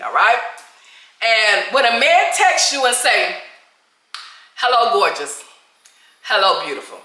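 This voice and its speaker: A woman's voice: medium pitch, sharp tone, roomy sound, low-quality recording. Emphatic woman giving dating advice. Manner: emphatic, repeats "all right?" and "okay?" constantly. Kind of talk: direct-to-camera advice talk.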